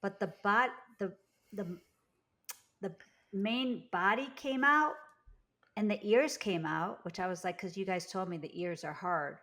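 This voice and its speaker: A woman's voice: medium pitch, unhurried, fairly bright tone. A woman from the Midwest co-hosting a casual podcast, rambling and correcting herself as she tells a story. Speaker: podcast co-host. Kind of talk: casual chat.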